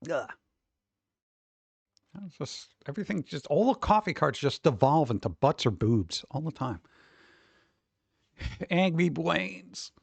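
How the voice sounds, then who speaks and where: A man's voice: fairly high pitch, sing-song, slow pace, creaky, long pauses, slightly rough, no echo. A man chatting casually on a live stream, rambling, swearing freely and often laughing.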